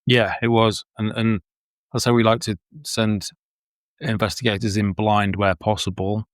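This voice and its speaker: A man's voice: lowish voice, flat delivery, normal speed, no echo, clean studio sound. A man, a filmmaker and paranormal investigator, chatting as an interview guest, rambling with many ums and repeated words. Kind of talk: casual interview chat.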